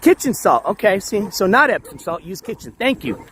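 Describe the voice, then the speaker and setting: A man hosting a casual walking livestream outdoors, reading the chat aloud, shouting thanks for donations, and losing his voice. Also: sits high, very animated, normal speed. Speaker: livestream host. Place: outdoors on city streets, walking dogs. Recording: faint street noise outdoors.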